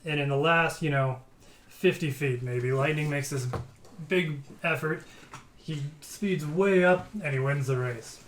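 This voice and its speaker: A man's voice: on the high side, measured pace. Male player, playful joke storyteller, roomy room, faint hiss. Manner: playful, chuckles through the telling. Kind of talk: shaggy-dog joke storytelling.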